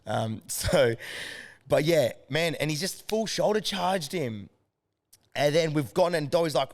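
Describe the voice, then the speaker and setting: A man's voice: on the high side, slow pace. An Australian man, a strength coach, chatting casually as a podcast guest and telling stories with lots of energy and swearing. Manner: animated storyteller, swears freely.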